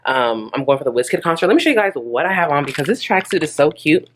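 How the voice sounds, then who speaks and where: A woman's voice: low voice, expressive, fast talker, a little hiss or hum. A young woman chatting casually to camera in a vlog, rambling and laughing often. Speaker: beauty vlogger.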